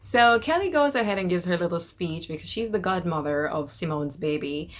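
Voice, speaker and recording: Chatty woman recapping a TV episode. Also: on the low side. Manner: chatty and animated, quotes characters in quick bursts. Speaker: TV episode reviewer. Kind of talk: casual recap chat.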